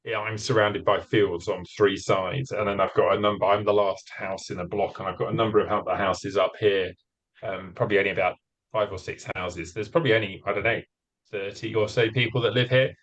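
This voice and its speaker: A man's voice: on the low side, steady tone, brisk, fairly bright tone, poor audio. A man in a community group video call, describing his rural home in a rambling way with many fillers.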